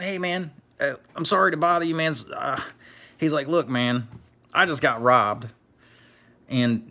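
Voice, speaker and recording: On his live stream, a scrapper streamer tells relaxed stories and thanks viewers, reading their chat messages out loud. He has a mid-range male voice with a fairly bright tone.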